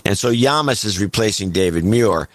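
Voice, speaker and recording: A man's voice: fairly low pitch, expressive, normal speed, no room sound. A man co-hosting a podcast in casual chat, giving wry, mocking commentary. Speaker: podcast co-host.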